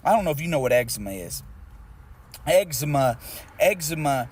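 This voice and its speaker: A man's voice: a little high, sing-song, normal speed, a little mellow, a little hiss or hum. A man on a stream, arguing bluntly and scolding with heavy swearing, talking inside a car. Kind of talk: heated casual argument.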